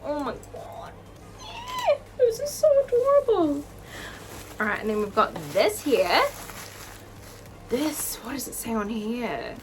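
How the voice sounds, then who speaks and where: A young woman vlogging an excited unboxing at home, gasping and gushing over each item. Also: high-pitched. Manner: gushing, gasping, lots of "oh my God".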